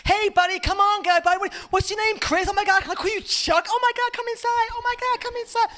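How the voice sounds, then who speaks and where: A comedian doing a voice for an overeager male gym instructor in a stand-up set, gushing and excited. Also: very high voice, quick pace, pitched above the performer's own voice.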